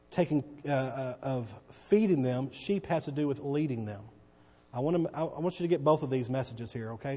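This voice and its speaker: A man preaching from the pulpit with a slightly raised pitch, stressing and repeating his words. He keeps asking the congregation whether they follow him. His voice rings out with the long reverb of a large church hall. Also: mellow. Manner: emphatic, repeats key words, checks in with congregation. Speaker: pastor. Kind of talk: sermon.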